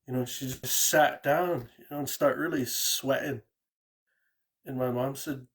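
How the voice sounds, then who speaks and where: A man's voice: medium pitch, unhurried. A man calling in to tell a true ghost story in a rambling, casual way, often repeating words and saying "you know". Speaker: caller sharing a ghost story.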